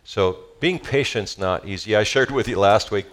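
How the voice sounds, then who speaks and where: A man preaching a sermon as pastor, animated and calling out to the congregation, then reading a story aloud with feeling. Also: fairly low pitch, normal speed. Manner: animated, calls for audience responses.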